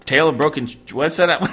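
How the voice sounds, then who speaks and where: A man's voice: on the high side, heavy background noise. A man from the United States co-hosting a podcast, chatting casually and joking with frequent laughs. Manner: joking, laughs often, rambling. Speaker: podcast co-host.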